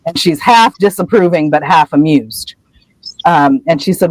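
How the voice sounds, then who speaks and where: A podcast co-host casually retelling a book chapter, acting out the characters' lines with lively energy. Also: mid-range voice, a little slow, dry recording, poor audio. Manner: animated storyteller acting out quotes.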